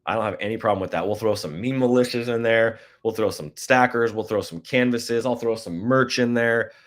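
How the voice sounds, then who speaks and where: A man's voice: mid-range voice, a little fast. A man casually hosting a live-stream prize giveaway, goofy and chatty, reading out codes and talking to viewers.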